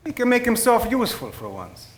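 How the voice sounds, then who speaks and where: A high, lively voice for a warm, stubborn Italian immigrant father with an Italian accent, acted by a man. He teases and exclaims, swings his pitch a lot, and sounds like he's in an echoey room. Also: measured pace, full character voice. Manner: teasing, exclaiming with Italian phrases. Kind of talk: stage play acting.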